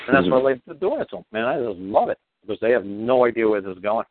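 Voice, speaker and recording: A man's voice: lowish voice, lively intonation, quick pace, few pauses, no room sound. A man hosting a call-in radio show, talking in a blunt, profane, rambling and emphatic way, over a tinny phone-like line with dry sound.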